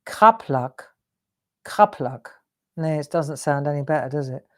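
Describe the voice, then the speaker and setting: A woman's voice: low voice, little pitch movement, fast, warm tone, a little hiss or hum. A woman hosting a live craft tutorial, chatting in a self-deprecating way while she colours in.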